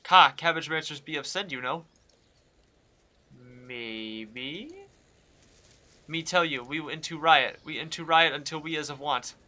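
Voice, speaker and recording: A man's voice: a little high, a little slow, long pauses, bright, forceful tone. A man voicing a rioting talking cabbage that speaks in broken, chanting phrases. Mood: eager.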